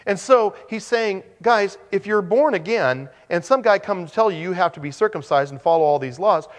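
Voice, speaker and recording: A man preaching a sermon, animated, with joking asides and frequent restarts. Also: sits high, normal speed, long reverb tail. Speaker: pastor.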